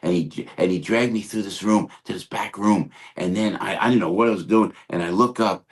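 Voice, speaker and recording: As a podcast guest in a storytelling interview, an older comedian with a low, deep voice spins a lively anecdote. He's animated, speaking in quick bursts with restarts, and slips into sudden impressions.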